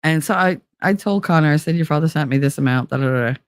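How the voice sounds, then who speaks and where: A woman in her forties hosting a show, telling personal stories casually and acting out the quotes with big jumps in pitch. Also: quick pace, smooth, no room sound. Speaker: podcast host. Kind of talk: casual storytelling monologue.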